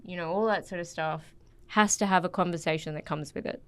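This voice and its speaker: Woman with a low, dry voice. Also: a little fast, clean tone, no room sound. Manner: laughs often, acts out remembered lines. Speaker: podcast guest. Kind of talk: casual conversation.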